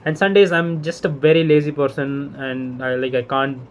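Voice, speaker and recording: A young man talks straight to the camera in a rambling, casual rant. His voice sits a little high for a man. He swears freely and sounds exasperated. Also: level tone, moderate pace, slight background noise. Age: young adult. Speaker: vlogger.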